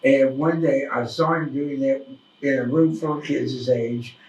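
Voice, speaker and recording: A man hosting a casual interview, folksy and self-deprecating, a little hoarse from a cough. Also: medium pitch, fairly even intonation, normal speed, a little mellow, slight background noise. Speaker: host. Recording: echoey room, mic at a distance.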